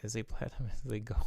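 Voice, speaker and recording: A man's voice: lowish voice, creaky, a little mellow, husky. A young man chatting casually while producing music in his studio, rambling and correcting himself with small laughs. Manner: rambling, chuckles between thoughts, self-correcting.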